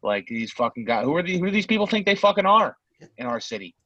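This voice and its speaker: A man's voice: a little high, very animated, fast talker, dry recording, highs cut off. A man co-hosting a sports podcast, ranting angrily with constant swearing. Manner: angry, profane, shouting bursts. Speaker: podcast co-host. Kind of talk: casual sports chat.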